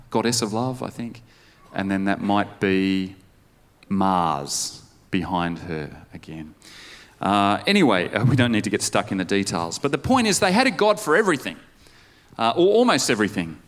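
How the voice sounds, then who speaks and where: A male pastor preaching a conversational sermon, putting questions to the congregation. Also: lowish voice. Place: church service.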